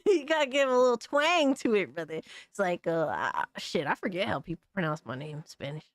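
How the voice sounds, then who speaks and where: A woman with a lowish, very animated voice hosts a gaming news live stream, speaking briskly with no room sound. She chats loosely and profanely with viewers, laughs often and calls people brother and dog.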